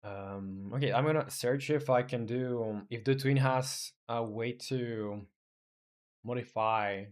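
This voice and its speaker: Speaking in a mid-range voice, this man, not a native English speaker, codes a game on a live stream. He reasons aloud haltingly, leaning on fillers, and mutters search terms while reading.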